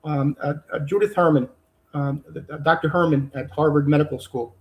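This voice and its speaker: A man, a judge, speaking as an interview guest in an earnest, halting way, with many fillers and restarts that build in intensity. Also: fairly high pitch, fairly even intonation, poor audio. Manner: earnest, halting with fillers and repeats, rising intensity when quoting. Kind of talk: conversational interview.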